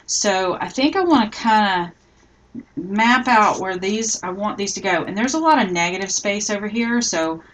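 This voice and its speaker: A middle-aged woman hosting a live scrapbooking tutorial, chatting casually and thinking aloud as she works, often trailing off softly. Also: medium pitch, animated, normal speed, poor audio.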